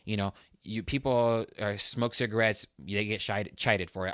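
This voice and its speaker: A man with a voice on the low side and a steady tone hosts a fitness talk show at a normal pace. Earnest and personal, he becomes emotional and loud while reliving a struggle. The studio-quality recording is dry.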